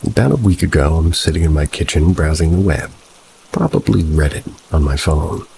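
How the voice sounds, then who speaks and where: A man narrates a spooky first-person tale in a steady, unhurried way. His voice sits extremely low, with a rough, gravelly fry. Faint rain can be heard behind him. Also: a little hiss or hum, poor audio. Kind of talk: horror story narration.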